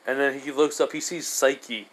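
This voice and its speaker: A man's voice: mid-range voice, steady tone, normal speed, poor audio. Man rambling through a casual retelling. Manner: rambling, full of fillers and restarts. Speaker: storyteller.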